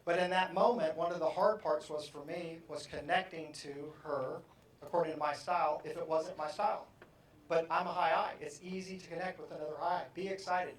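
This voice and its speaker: A middle-aged man giving a lively, jokey motivational talk on stage, acting out the people in his stories. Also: on the high side, fairly quick, a little hiss or hum. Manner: animated, jokey, acts out characters. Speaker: motivational speaker. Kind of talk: live keynote talk to an audience. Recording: echoey hall from far off.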